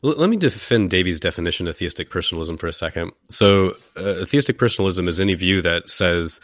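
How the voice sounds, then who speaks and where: This is a podcast host, a man with a very low voice who has a cold. He keeps things jokey with playful impressions. The recording is dry, with no room echo. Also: animated, fast, a bit bright. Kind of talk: casual discussion.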